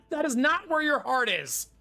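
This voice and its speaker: A man's voice: very high voice, vocal fry, bright, forceful tone. A man in his thirties chatting casually with his live-stream chat while playing a card game, laughing often. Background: faint game music.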